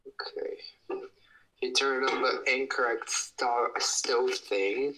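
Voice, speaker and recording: Young guy livestreaming from his kitchen, bright voice, squeals way up high then drops back, talks slow. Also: slight background noise, low-quality recording. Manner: excitable, gushing, bursts into high squeals. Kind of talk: casual livestream chat.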